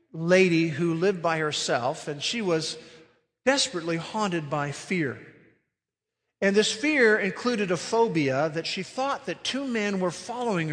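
A man's voice: high voice, a bit bright, long reverb tail. A man preaching a sermon as pastor, earnest and emphatic, stretching out key phrases.

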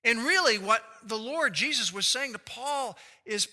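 A man's voice: very high-pitched, lively intonation, a little slow. A man preaching an expository sermon, explaining scripture and putting rhetorical questions to his listeners. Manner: acts out quoted speech with big shifts in loudness. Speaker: pastor.

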